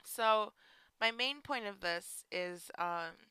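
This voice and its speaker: A woman's voice: medium pitch, takes it slowly, pushed and bright, clean tone, no room sound, poor audio. A young woman telling a personal story in a casual podcast chat, full of "like" and "you know.". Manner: chatty, lots of "like" and "you know". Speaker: podcast host.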